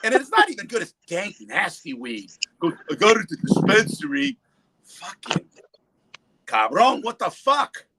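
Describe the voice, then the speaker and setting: A man's voice: sits high, normal speed, vocal fry, heavy background noise. A man telling stories in casual chat on a livestream, acting out what people said, swearing freely. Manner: animated storyteller, acts out quotes, profane. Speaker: livestream panelist. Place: home in the East Coast.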